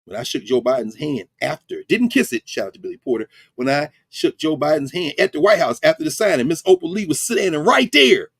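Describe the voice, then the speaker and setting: A middle-aged man giving an informal, conversational lecture as the host of an online class. He is emphatic and animated, with frequent asides. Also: fairly high pitch, a little fast, creaky, hardly any pauses, slightly rough, no echo, studio quality. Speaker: professor hosting an online class.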